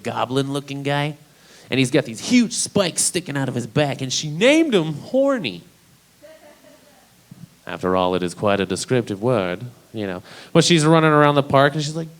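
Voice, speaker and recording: A young man from Idaho doing a live stand-up comedy set, telling stories in a casual, profane, deadpan way. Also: mid-range voice. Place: small comedy venue, live.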